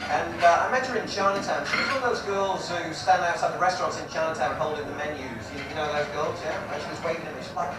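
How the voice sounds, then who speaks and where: A man's voice: a little high, fast talker, hardly any pauses, over a noisy crowd. A man in his forties doing a stand-up comedy set on stage, brash and crude with his punchlines. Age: 40s. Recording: echoey live room from far off, audience noise.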